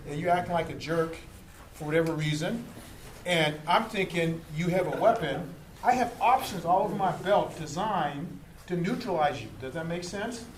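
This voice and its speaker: Animated police lieutenant in an echoey room. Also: male voice, a little high, normal speed. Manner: animated, acts out street scenes. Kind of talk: explaining to a group. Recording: echoey room, faint noise.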